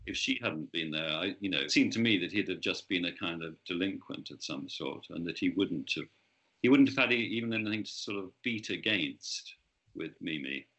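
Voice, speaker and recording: A man's voice: low voice, a little fast, a bit bright. A man, an author, talking about his book in an interview, hesitant with many restarts.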